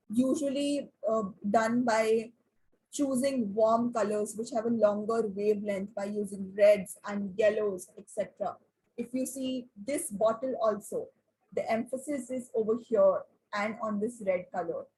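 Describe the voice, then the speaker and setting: A woman teacher, her voice very husky and breathy and set somewhat high. She lectures an online class, often asks the class questions, and fills her pauses with "uh" and "um.". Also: a little mellow, poor audio.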